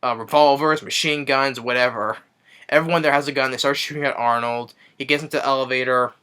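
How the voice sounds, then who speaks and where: A man's voice: mid-range voice, bright, forceful tone, clean tone. A man giving a casual spoken movie review, retelling scenes eagerly with many fillers and restarts.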